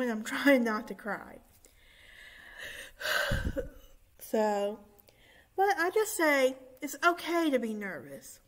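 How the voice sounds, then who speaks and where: A young woman in her twenties talking casually and excitedly to her viewers, with many fillers, recording in a church room. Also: a little high. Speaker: vlogger. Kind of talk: casual vlog chat.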